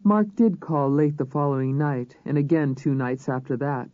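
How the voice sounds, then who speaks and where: A man reading a crime novel aloud as narrator, in a measured, even storytelling manner. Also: mid-range voice, dry recording. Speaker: audiobook narrator. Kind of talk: scripted narration. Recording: slightly dull audiobook recording.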